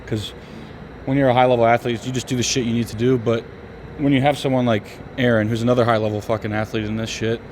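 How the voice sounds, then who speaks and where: A man's voice: mid-range voice, little pitch movement, darkish tone, a little hiss or hum. Profane, emphatic gym-bro man. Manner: profane, emphatic, fast-talking. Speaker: bodybuilder vlogger. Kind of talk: casual gym chat.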